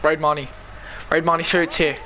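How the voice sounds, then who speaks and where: A man commentating his own rugby video game live, excitable and pleading with his players. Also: a little high, moderate pace, a little hiss or hum. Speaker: gaming YouTuber.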